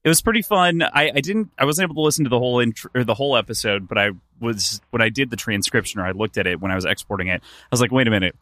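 A man's voice: mid-range voice, very fast, no echo, studio quality. A man hosting a book podcast in casual chat, laughing often. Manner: laughs often, animated delivery. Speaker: podcast host.

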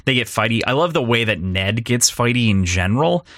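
A young man co-hosting a podcast, talking through a film in a rambling, animated way, with restarts and laughs. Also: medium pitch, fairly quick, no room sound, studio quality. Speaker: podcast co-host. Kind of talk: casual film discussion.

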